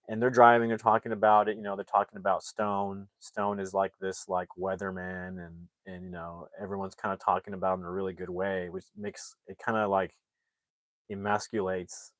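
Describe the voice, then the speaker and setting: A man's voice: sits low, no echo. A man casually recapping a film's plot as a movie reviewer, rambling with lots of fillers.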